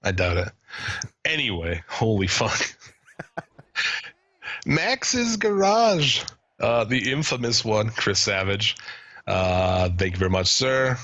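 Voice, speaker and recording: A man co-hosting a podcast, chatting casually, swearing and laughing as he reads out listener shout-outs. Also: fairly low pitch, big pitch swings, slow, long pauses, dry recording, dull audio. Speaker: podcast co-host.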